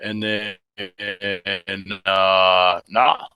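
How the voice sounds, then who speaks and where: A man's voice: sits low, level tone, drawn-out words, bright, forceful tone, clean tone, no echo. A young man bantering sarcastically as a podcast co-host. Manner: joking, sarcastic. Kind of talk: casual banter.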